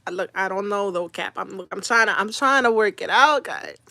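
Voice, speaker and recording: A woman's voice: medium pitch, brisk, vocal fry, sharp tone, no room sound, clean studio sound. A woman hosting a casual live stream, teasing commenters, laughing often and apologizing for eating.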